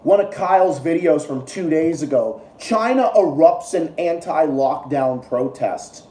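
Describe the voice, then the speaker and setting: A man's voice: on the high side, lively intonation, unhurried, few pauses, dark tone, echoey room, distant mic. A young man hosting a livestream, ranting in a profane, repetitive and exasperated way. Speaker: political livestream host. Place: room at home, eating while streaming.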